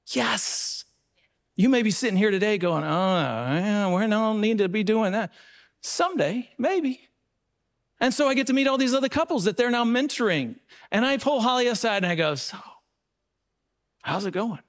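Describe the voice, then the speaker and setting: A man's voice: big pitch swings, normal speed. A man speaking to a live audience at a seminar, telling stories earnestly. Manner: storytelling, earnest, varies pitch widely.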